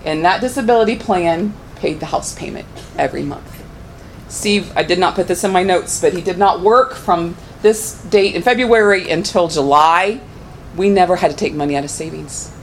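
A middle-aged woman gives a heartfelt church testimony in a fairly low voice that climbs when she is moved. She tells her story plainly and earnestly. A faint low rumble sits under the recording. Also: moderate pace, low-quality recording. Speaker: church member giving testimony.

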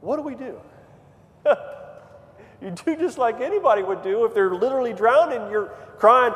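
A man preaching a sermon in a church, moving from quiet storytelling to fervent, near-shouted appeals. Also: high-pitched, very animated, moderate pace, long pauses. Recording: long hall reverb, faint ambience.

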